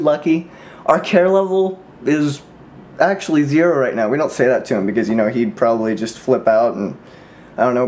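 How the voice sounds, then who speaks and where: A man's voice: medium pitch, darkish tone. A man talking casually to camera in a vlog, teasing his friends in a mock-mean way, full of "like" and "um", laughing at his own jokes. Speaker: vlogger.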